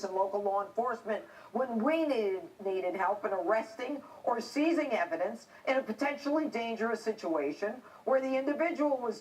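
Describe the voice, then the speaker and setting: Middle-aged woman host, ex-cop, emphatic and combative in her opening commentary; animated delivery, voice a little off-mic. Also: medium pitch, recorded from a distance, rough recording. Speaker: TV show host, former police officer. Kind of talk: scripted opinion monologue.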